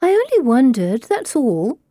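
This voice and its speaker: Brief: woman doing a lighter, higher-voiced dreamy girl, easily hurt, eager. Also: wildly swooping pitch, measured pace, mellow, no room sound, clean studio sound, full character voice.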